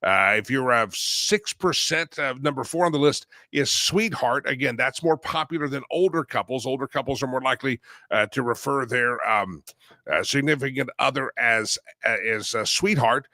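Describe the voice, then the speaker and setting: A man's voice: medium pitch, moderate pace, bright, forceful tone, no echo, clean studio sound. A man hosting a talk show, chatting loosely with many fillers. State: coughing. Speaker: radio show host. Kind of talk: casual talk show monologue.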